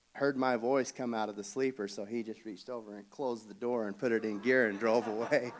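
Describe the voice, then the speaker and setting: A man telling a family story at a funeral service, speaking haltingly with frequent restarts and soft chuckles. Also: lowish voice. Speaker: family member giving a eulogy.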